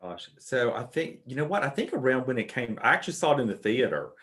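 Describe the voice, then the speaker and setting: Male guest author, average pitch, relaxed chat with thoughtful stumbles. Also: fast. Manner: hesitant, repeats words while thinking. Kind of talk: casual chat.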